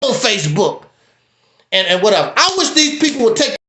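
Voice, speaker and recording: A man hosting a livestream, talking in a casual, preachy, emphatic way with wide swings in pitch. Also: big pitch swings, a little fast, sharp tone, roomy sound. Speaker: livestream host. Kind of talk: casual commentary.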